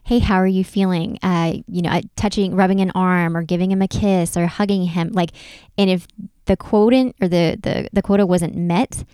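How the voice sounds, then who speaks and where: Woman chatting on a podcast, lots of likes and ums, smooth voice. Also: on the low side, steady tone, normal speed, dark tone, no echo. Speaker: podcast co-host. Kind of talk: casual chat.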